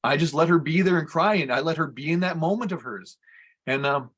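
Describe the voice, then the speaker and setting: A man's voice: fairly high pitch, fairly quick, a bit bright. A man on a podcast, telling a story casually, in a rambling way, often correcting himself. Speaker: podcast guest.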